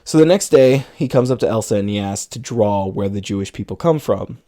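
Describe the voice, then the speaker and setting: A man's voice: lowish voice, animated, fairly quick, dark tone. A man co-hosting a podcast, retelling a film's plot in casual chat and quoting its characters in passing. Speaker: podcast co-host. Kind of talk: casual film recap.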